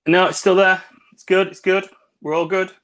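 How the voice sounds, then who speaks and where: Man, co-host, boozy rambling chat, slightly high voice, video call. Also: flat delivery, normal speed, a bit bright. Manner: rambling, swearing, laughing. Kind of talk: tipsy casual chat over cocktails.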